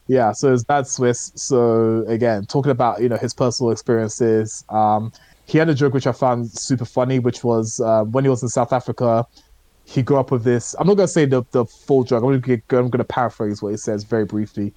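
A man's voice: mid-range voice, steady tone, brisk, warm tone, no room sound. Hesitant man rambling on a podcast. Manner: rambling, hesitant, many fillers. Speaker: podcast co-host. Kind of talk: casual chat reviewing shows.

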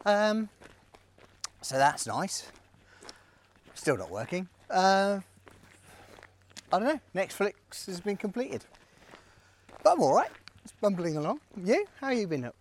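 A man's voice: sits high, big pitch swings, slow, pauses often. A man podcast co-host chatting casually while walking in the countryside, with dry teasing quips. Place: outdoors, countryside walk.

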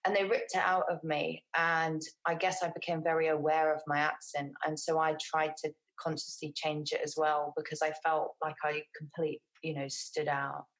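Chatty English woman, slightly low voice. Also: little pitch movement, normal speed, few pauses, poor audio. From England. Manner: chatty, rambling with frequent restarts and fillers. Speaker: guest. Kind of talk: casual interview conversation.

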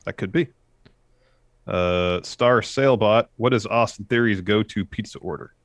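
A man co-hosting a casual wrestling chat show, relaxed and agreeable, reading viewer names and questions aloud. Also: fairly low pitch, a little slow, no room sound, studio quality. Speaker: podcast co-host.

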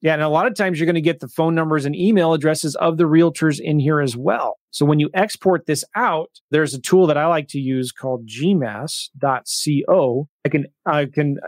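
A man hosting a live webinar, walking viewers through software with excitement and calling them guys. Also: on the high side, normal speed, few pauses, no echo, clean studio sound. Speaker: host.

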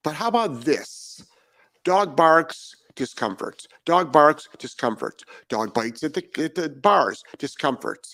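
A man's voice: a little high, lively intonation, slow, gravelly, fairly bright tone, dry recording. A man talking as a dog trainer in a podcast monologue, blunt and profane and firing off rhetorical questions.

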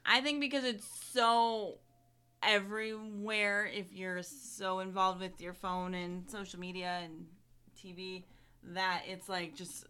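A woman's voice: mid-range voice, level tone, takes it slowly, sharp tone, clear, resonant tone. A woman co-hosting a casual podcast chat, talking loosely with many "like" fillers and frequent giggles. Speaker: podcast co-host.

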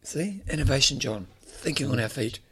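A man's voice: mid-range voice, a crowd in the background. A man with a New Zealand accent co-hosting a casual podcast, joking and chatty. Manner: jokey, animated, quick asides. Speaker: podcast co-host.

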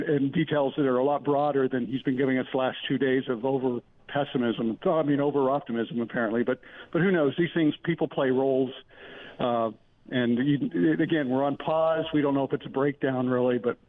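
A man reporting live from a government building corridor in a steady, plainspoken way over a phone line. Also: medium pitch. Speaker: congressional reporter.

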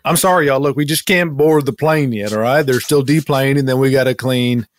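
A man playing a harried airline gate agent who keeps trying to calm a crowd of passengers in an improv comedy scene. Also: medium pitch, a little fast, close to an everyday voice. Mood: placating. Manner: soothing crowd, repeating "all right". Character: harried male airline gate agent, patient but exasperated.

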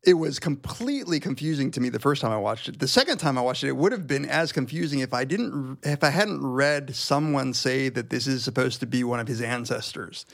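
A middle-aged man with a gravelly edge muses about a film, stalling and repeating words as he gathers his thoughts. His voice is mid-pitched and sits dry and close. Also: expressive, no room sound. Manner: halting, repeats words while searching for thoughts. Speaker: podcast panelist. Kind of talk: casual film discussion.

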